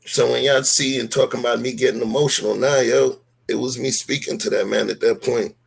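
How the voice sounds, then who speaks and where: Man, husky gravelly voice, emphatic and rhetorical, heated stream talk. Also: mid-range voice, fairly even intonation, brisk. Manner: emphatic, rhetorical, street slang. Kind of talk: heated live-stream discussion.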